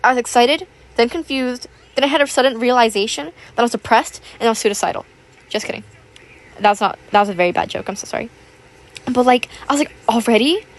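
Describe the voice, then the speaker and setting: A teenage girl chats away in a slightly high voice, rambling from one thought to the next with lots of fillers. She is self-conscious and apologetic, and her voice has a slight roughness to it. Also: fast talker. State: voice a little rough. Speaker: YouTuber. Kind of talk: casual chat over gameplay.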